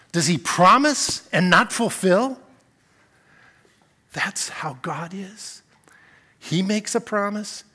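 A man preaching a sermon as pastor, dropping to quiet reflection and then rising to emphatic, repeated phrases. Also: a little high.

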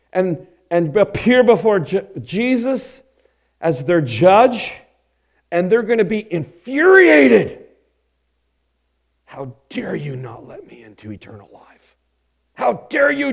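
A man preaching a sermon, emphatic, asking the congregation rhetorical questions and swinging between loud declarations and hushed lines. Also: fairly high pitch. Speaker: pastor.

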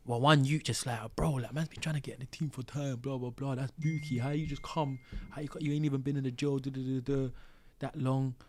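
A man's voice: mid-range voice, fairly even intonation, brisk, a little mellow, slight background noise. A man, a podcast guest telling a story in casual, slang-heavy chat and acting out the quotes.

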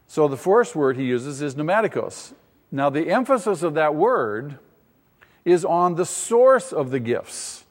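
A man's voice: on the high side, big-room sound. A man preaching a teaching sermon, asking the congregation questions and rising in emphasis. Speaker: pastor.

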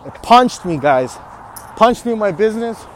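A man's voice: sits high, big pitch swings, moderate pace, a little hiss or hum. A man hosting a podcast, delivering a riled-up, trash-talking motivational rant with bursts of laughter. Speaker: podcast host.

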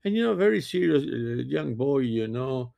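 A man in his sixties, a physician, giving a halting, earnest opinion monologue and often restarting his sentences. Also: mid-range voice, very animated, gravelly, mellow, no echo. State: sleepy, yawning. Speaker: physician commentator.

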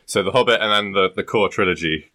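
A man's voice: lowish voice, fast, bright, forceful tone. A young man co-hosting a podcast, chatting casually with crude jokes and frequent laughs. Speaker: podcast co-host. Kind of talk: casual chat.

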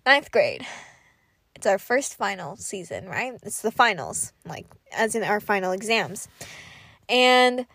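A woman's voice: medium pitch, sing-song, a little slow, vocal fry, fairly bright tone, no room sound. A teenage woman hosting a podcast, telling school stories in a casual, profane way and laughing often. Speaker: podcast host. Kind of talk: casual storytelling monologue.

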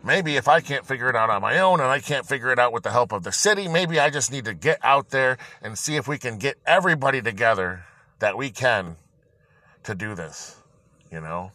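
A man's voice: mid-range voice, expressive, brisk, sharp tone, no echo. A man hosting his own podcast, ranting angrily and heatedly with constant swearing and rambling restarts. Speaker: podcast host. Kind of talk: angry ranting monologue.

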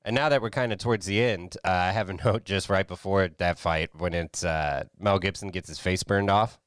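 A man's voice: deep voice, moderate pace, a bit bright, clear, resonant tone, no echo, studio quality. A man co-hosting a casual movie review podcast, laid-back and swearing casually. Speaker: podcast co-host.

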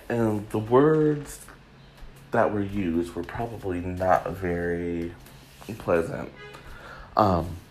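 Rambling, chatty low-voiced man. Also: a little hiss or hum. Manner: rambling, chatty, jokey, many fillers. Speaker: podcast host. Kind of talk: casual solo podcast chat.

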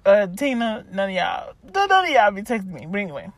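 A woman's voice: medium pitch, fairly quick, no room sound. Chatty woman in her thirties. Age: 30s. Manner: chatty, laughing storyteller with lively asides. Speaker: podcast host. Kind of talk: casual voice-diary monologue.

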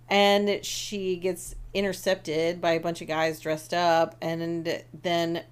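A woman co-hosting a podcast, recapping a book in casual chat, animated and swearing freely. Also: fairly low pitch, moderate pace, hardly any pauses. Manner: animated, swears freely, acts out characters' lines. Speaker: podcast co-host.

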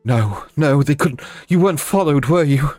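A man putting on a frantic, high-strung house guardian. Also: animated, moderate pace, darkish tone, dry recording, faint music behind. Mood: panicked.

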